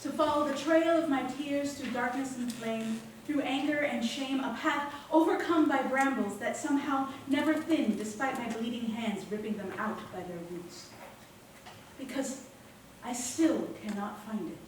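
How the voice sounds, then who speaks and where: Woman reciting a confessional stage monologue. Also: high-pitched. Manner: reflective, confessional, measured. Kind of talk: spoken-word monologue on stage. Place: theater stage. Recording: echoey theater from far off, faint hum.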